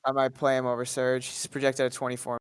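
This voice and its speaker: A man co-hosting a casual sports podcast, nasal from being sick, talking in a relaxed way with many fillers. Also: mid-range voice, fast talker, slight background noise. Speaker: co-host.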